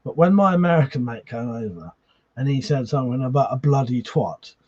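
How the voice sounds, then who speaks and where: On slightly muffled stream audio, a tipsy host talks in a medium pitch at a somewhat quick clip, lively and a touch dark in tone. He's drunk, reading comments aloud from viewers, cursing freely, laughing often and keeping things casual.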